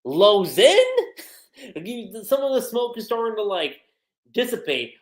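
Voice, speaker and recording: A man giving casual livestream commentary as a manga reviewer, chatty and animated. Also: high-pitched, a little slow, long pauses, roomy sound. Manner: animated, chatty, frequent laughter and fillers.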